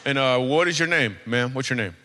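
A man's voice: medium pitch, animated, a little fast, big-room sound, noisy background. A man doing stand-up comedy, chatting and joking with audience members in a loose, teasing way. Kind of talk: stand-up crowd work.

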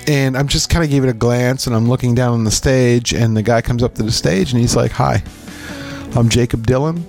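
A middle-aged man from Pennsylvania, co-hosting a podcast and telling stories in casual chat, acting out quotes with lively animation. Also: medium pitch, a little fast, vocal fry, soft background music. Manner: animated storyteller, acts out quotes. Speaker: podcast co-host.

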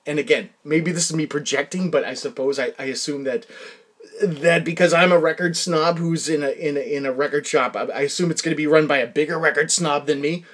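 A man hosting a solo podcast, telling rambling, self-deprecating stories with frequent restarts and quiet muttered asides. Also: fairly high pitch, a little fast. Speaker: podcast host.

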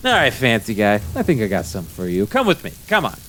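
A man voicing a gruff, impatient female camp cook who barks orders and threatens. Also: fairly low pitch, wildly swooping pitch, quick pace, a bit bright, a little hiss or hum, pitched below the performer's own voice.

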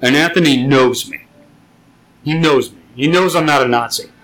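A man's voice: medium pitch, moderate pace, rough recording. A man co-hosting a casual podcast, telling a profane workplace story and acting out the other people's lines. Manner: profane, animated storytelling with acted-out quotes. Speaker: podcast co-host.

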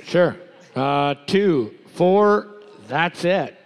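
A man with a gravelly, creaky voice, pitched a bit high, sitting beside the host at a pub trivia night. He mostly drops short dry one-liners and quick agreements into the mic. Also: animated, faint music behind. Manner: dry one-line quips, short replies. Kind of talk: banter at a live trivia night. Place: brewery room with live crowd.

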